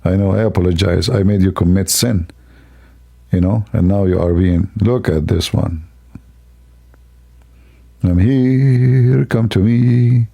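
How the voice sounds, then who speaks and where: A man's voice: sits low, fairly even intonation, normal speed, gravelly, mellow, slightly rough. A man hosting a livestream, talking in a sarcastic, rambling, mock-admiring way. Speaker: livestream host. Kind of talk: mocking livestream commentary.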